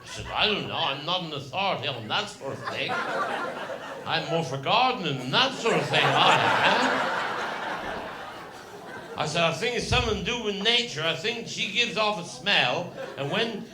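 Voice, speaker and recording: Over a noisy crowd at a live comedy venue, this man with a Cornish accent rambles through stand-up stories, repeating himself and tossing in folksy asides. His voice is a little high and expressive, at normal speed, and the echoey room picks up the audience.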